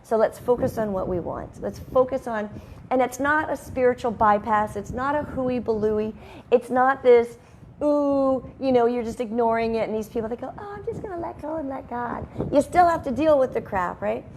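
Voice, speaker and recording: A woman's voice: on the high side, moderate pace, darkish tone, slight background noise. A woman hosting a casual motivational talk from her home, chatty and rambling with frequent sidebars. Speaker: host. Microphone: headphones and microphone at a video call setup.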